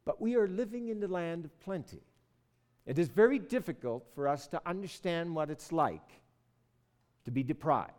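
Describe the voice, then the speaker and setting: A man's voice: fairly high pitch, lively intonation, moderate pace, darkish tone, long reverb tail. An older man from Newfoundland preaching a sermon, telling the Bible story in an earnest, storytelling way and voicing its figures with rising force.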